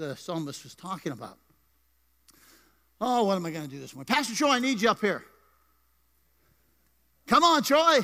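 A man's voice: high-pitched, a bit bright. A man preaching a sermon in a church, playful and joking with his congregation. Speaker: pastor. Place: church sanctuary. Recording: live church hall reverb.

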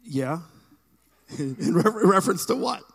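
Wry male associate pastor, light-pitched, live in a reverberant sanctuary. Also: expressive, takes it slowly, a bit bright. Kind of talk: onstage banter. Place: church sanctuary. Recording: live church hall reverb.

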